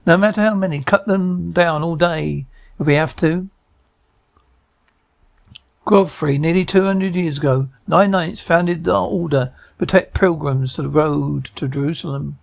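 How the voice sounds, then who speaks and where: A man reading the part of a grim knight commander rallying his men, with a stumbling, halting delivery. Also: fairly high pitch, vocal fry, no echo.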